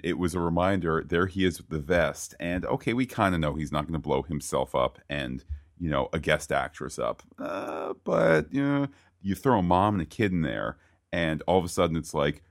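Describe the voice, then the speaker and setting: Male podcast co-host, deep voice, eager and animated, dry booth sound. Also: moderate pace, no room sound. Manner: enthusiastic, rising into excited bursts. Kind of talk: casual TV episode discussion.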